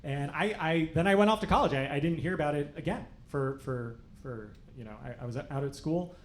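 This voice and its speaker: Young man, stand-up comedian, deadpan wry storytelling, slightly high voice, roomy club sound. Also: a little fast. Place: comedy club stage before a laughing audience. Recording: roomy live club sound, faint crowd noise.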